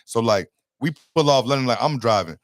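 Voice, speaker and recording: A man's voice: mid-range voice, lively intonation, brisk, dry recording, clean studio sound. A young man from rural Georgia with a Southern US accent, telling a story in a joking, interrupting way. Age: young adult. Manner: interrupting, joking, retells scenes in quotes. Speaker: guest. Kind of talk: casual storytelling.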